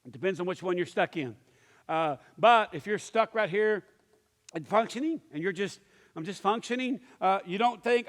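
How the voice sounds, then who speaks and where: A man's voice: high voice, moderate pace, fairly bright tone. A male pastor teaching a church class, telling stories and acting out the voices in them, with many restarts and fillers. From Pittsburgh area. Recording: long hall reverb.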